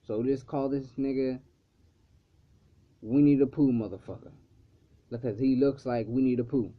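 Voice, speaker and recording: A man's voice: mid-range voice, steady tone, moderate pace. A man casually recapping a cartoon episode, rambling with lots of fillers and swearing freely. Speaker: episode reviewer. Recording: slightly dull lo-fi recording.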